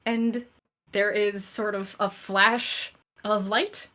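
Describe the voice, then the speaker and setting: A woman's voice: mid-range voice, fairly even intonation, slow, bright, forceful tone. A woman narrating a tabletop role-playing game as game master, in a loose, filler-heavy style. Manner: loose, hesitant narration with many fillers and laughs.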